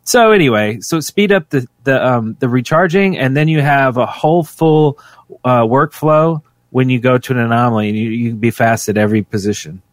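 A man co-hosting a podcast in casual chat, animated and laughing often. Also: moderate pace, no room sound. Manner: animated, laughs often, sound effects like "boom". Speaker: podcast co-host.

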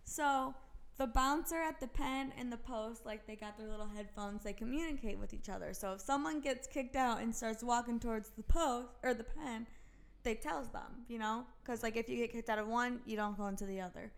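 A young woman telling a story to friends in a casual, animated way, laughing as she talks. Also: fairly high pitch, moderate pace, gravelly.

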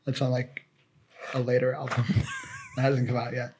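A man's voice: medium pitch, monotone, normal speed, noisy background. A man co-hosting a podcast in casual chat, joking and rambling with lots of fillers. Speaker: podcast co-host.

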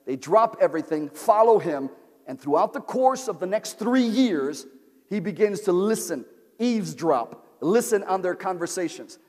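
Male preacher, high voice, builds to shouts, long reverberant church hall. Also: expressive, normal speed. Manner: call-and-response preaching, repeats phrases, rises to shouting. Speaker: pastor. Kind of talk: sermon.

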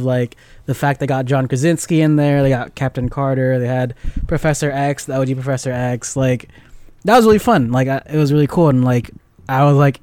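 A young man co-hosting a podcast, excitedly retelling film scenes in casual slang, laughing often and saying "like" a lot. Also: a little high, dry recording. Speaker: podcast co-host. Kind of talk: casual chat.

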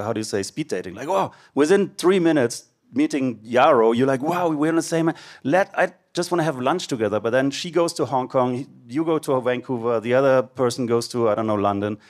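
Guy on a panel, mid-pitched, stops and restarts a lot looking for words. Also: a little mellow. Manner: hesitant, searches for words, restarts. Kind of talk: casual panel chat.

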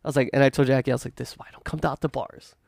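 A man hosting a podcast, telling a story in animated casual chat, acting out quotes and swearing freely. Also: mid-range voice, very fast, gravelly, no echo, studio quality. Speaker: podcast host.

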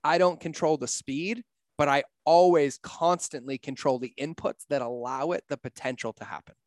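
A man's voice: on the high side, fairly even intonation, normal speed, no room sound. A middle-aged man talking in a casual podcast conversation, blunt, profane and emphatic, telling stories from his life. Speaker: podcast guest, entrepreneur.

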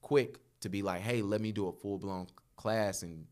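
A man in his thirties, a podcast guest, telling laughing, animated stories in casual chat. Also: lowish voice, normal speed. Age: 30s.

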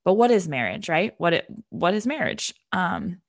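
A woman's voice: fairly low pitch, sing-song, normal speed, no room sound, studio quality. A young woman talking casually about faith and dating, chatty and full of fillers. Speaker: speaker sharing a faith testimony.

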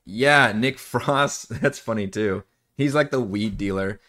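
Low-voiced man rambling through game prep. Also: slow, fairly bright tone. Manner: rambling and chatty, often laughs and swears. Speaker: dungeon master. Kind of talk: casual live-streamed game prep.

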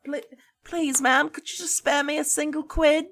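A woman's voice: sits high, fairly even intonation, moderate pace, fairly bright tone. A woman playing a whimpering street beggar. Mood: pleading. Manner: whimpering, pleading. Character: begging old-timey street urchin.

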